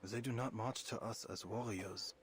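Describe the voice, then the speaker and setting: An actor voicing a grave, otherworldly spirit who speaks in solemn, measured pronouncements. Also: male voice, fairly low pitch, a little hiss or hum, lightly acted.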